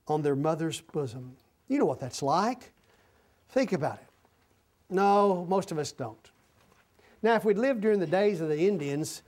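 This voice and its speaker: Male pastor, slightly high voice, sermon delivery with dramatic loud-to-hushed swings. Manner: swells loud on key words, drops to a hush for tender moments; slow, drawn-out emphasis on single words.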